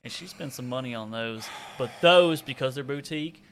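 A man from Arkansas with a Southern accent, chatting as a podcast guest in a relaxed, rambling, self-deprecating way. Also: mid-range voice, moderate pace, slight background noise. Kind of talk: casual chat.

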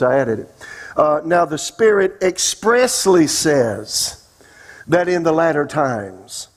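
A man preaching a sermon as pastor, emphatic and asking the congregation questions. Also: a little high. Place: church sanctuary.

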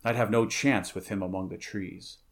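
A man's voice: lowish voice, fairly even intonation, normal speed, natural voice. A man voicing a weary, blunt barbarian warrior in a read-aloud story, grunting his lines. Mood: gruff.

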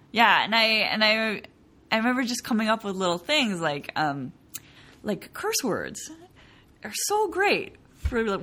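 Lively young woman playwright chatting. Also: mid-range voice. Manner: animated, laughing, quotes people in bright voices. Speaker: playwright guest. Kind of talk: casual interview chat.

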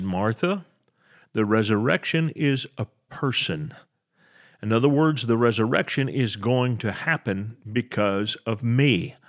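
An older man preaching a sermon, reading scripture aloud and explaining it in an earnest, plain way, with halting restarts. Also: medium pitch, fairly bright tone.

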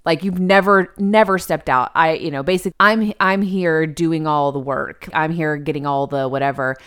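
A woman co-hosting a podcast in casual chat, retelling a TV episode in an animated way and acting out the characters' lines. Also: low-pitched, moderate pace, clean tone. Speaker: podcast co-host.

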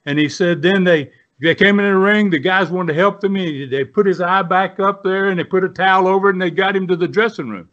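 Older man, folksy rambling storyteller, high-ish voice, muffled lo-fi sound. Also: fairly quick, few pauses, fairly bright tone. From United States. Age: 70s. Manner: rambling, folksy, many restarts and fillers. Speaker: guest, former pro wrestler. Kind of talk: casual storytelling. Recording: dull lo-fi sound.

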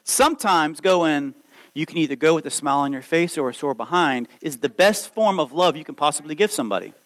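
Animated high-voiced preaching man. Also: brisk, low-quality recording. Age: 30s. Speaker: pastor. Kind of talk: sermon.

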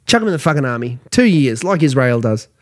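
A man's voice: mid-range voice, big pitch swings, quick pace. A tired, tipsy Australian man in his thirties, co-hosting a crude, casual pub chat. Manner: blunt, swearing, laughs loudly at his own jokes. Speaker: podcast co-host.

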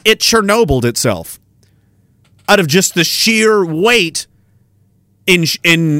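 A man rants crudely on his podcast, swearing and mocking as he goes. His voice sits high and bright, with a sharp edge. The recording is dry and close. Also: very animated, slow, pauses often, no room sound. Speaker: podcast host. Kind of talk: ranting commentary.

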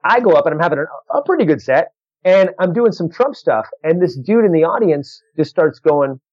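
Animated storytelling man, dry lo-fi sound. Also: on the high side, husky, no echo. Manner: animated, quick restarts, acts out other voices. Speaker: stand-up comedian. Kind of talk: casual anecdote telling. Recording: dull lo-fi dry recording.

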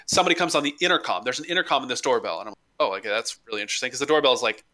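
Fast, bright-voiced young man telling a story. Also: mid-range voice. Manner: animated, acts out quotes, swears a lot. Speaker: storyteller in casual chat. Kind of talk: casual chat, comic anecdote.

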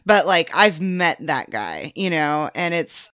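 A woman's voice: low voice, very animated, slow, fairly bright tone, clean tone, dry recording, studio quality. A woman chatting casually on a podcast, talking freely with lots of "like" and "um". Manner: chatty, many fillers like "like" and "um". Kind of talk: casual chat.

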